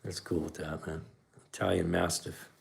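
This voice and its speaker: A middle-aged man with a very low, gravelly voice hosts a livestream. He chats in a relaxed, easygoing way, often tossing in "man" as he reacts to viewers. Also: moderate pace, a little hiss or hum. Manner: laid-back, peppers talk with "man". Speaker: podcast host reading live chat. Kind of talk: casual livestream chat.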